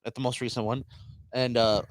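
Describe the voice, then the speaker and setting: A man's voice: medium pitch, flat delivery, fairly quick, no echo. A man hosting a podcast, telling a rambling casual story and acting out what people said. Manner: rambling anecdote with acted-out quotes. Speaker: podcast host.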